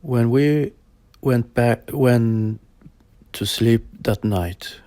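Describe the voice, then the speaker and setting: A man in his forties telling a personal story in a halting way, with plain phrasing and many pauses and fillers. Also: mid-range voice, mellow, dry recording. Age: 40s. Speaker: storyteller sharing a personal experience. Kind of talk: personal spoken account.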